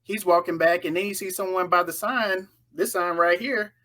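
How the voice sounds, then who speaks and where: A woman casually recapping a horror film in an animated way, acting out the characters' lines as she goes. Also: lowish voice, moderate pace.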